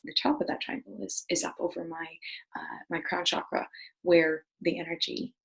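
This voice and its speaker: In a wellness video, a middle-aged woman talks casually to the camera with earnest enthusiasm, full of fillers and restarts. Her fairly low voice carries vocal fry and is whispered, delivered at a moderate pace on a rough recording.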